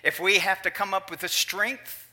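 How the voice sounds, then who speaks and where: A man's voice: high-pitched, fairly even intonation, moderate pace, sharp tone. A man, preaching and telling a story in a folksy, chatty way, with asides to the audience. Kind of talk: sermon storytelling.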